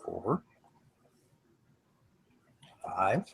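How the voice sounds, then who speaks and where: Young male co-host, lower voice, dry deadpan reader with lively pitch. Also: extremely slow, creaky, slight background noise. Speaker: co-host reading fanfiction aloud. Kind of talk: casual comedic reading.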